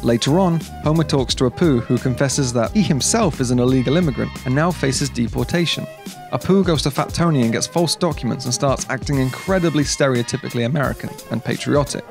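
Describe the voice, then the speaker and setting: A man narrating a scripted video essay in a measured, explanatory way. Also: medium pitch, vocal fry, music in the background.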